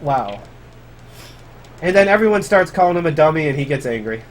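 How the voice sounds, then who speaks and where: A man's voice: on the high side, very animated, a little fast, a little hiss or hum. A man giving casual live commentary on his speedrun, chatty and grumbling about mistakes. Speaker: speedrunner streamer.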